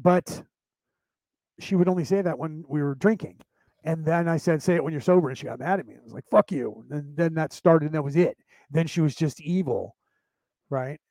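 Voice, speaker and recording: A man's voice: on the high side, mellow, no echo, rough recording. A middle-aged man hosting a podcast, telling a personal story in a rambling, profane way with many restarts. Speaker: podcast host. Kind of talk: casual storytelling monologue.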